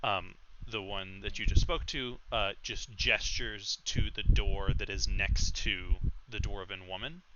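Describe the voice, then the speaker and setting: A man narrating as game master, describing scenes in a halting way with many fillers. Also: on the low side, steady tone. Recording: muffled lo-fi mic with background noise.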